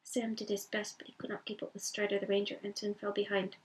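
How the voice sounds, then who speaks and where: A woman reading a bedtime story aloud in a calm, unhurried way. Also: medium pitch, breathy edge. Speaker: reader. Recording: voice from a distance.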